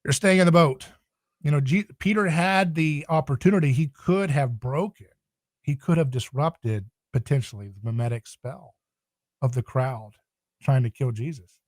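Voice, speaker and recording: A man talking casually as a podcast guest, animated and acting out quoted voices. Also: medium pitch, moderate pace, no room sound, clean studio sound. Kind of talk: casual theological discussion.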